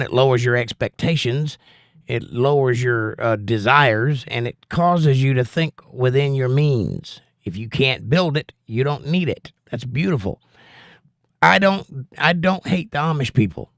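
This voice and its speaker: A Southern US man hosts a casual livestream, reading out chat messages and answering them with blunt, preachy opinions. His voice sits at an ordinary middle pitch and sounds close and dry, with no room echo.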